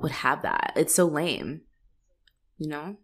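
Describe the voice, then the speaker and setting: A woman co-hosting a casual podcast, recapping a movie with quick asides, laughter and acted-out quotes. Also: deep voice, expressive, husky. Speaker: podcast co-host.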